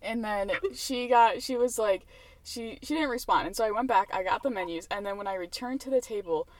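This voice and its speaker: A young woman hosts a podcast from inside a car, chatting casually and rambling with lots of fillers and laughter. Her voice is medium-pitched and fairly quick, with no room sound.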